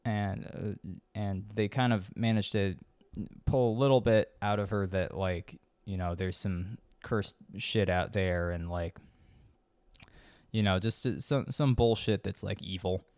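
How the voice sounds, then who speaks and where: A man's voice: low-pitched, steady tone, unhurried, darkish tone, no echo. A man hosting a podcast, recapping a movie in a sarcastic, rambling, profane casual chat. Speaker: podcast host.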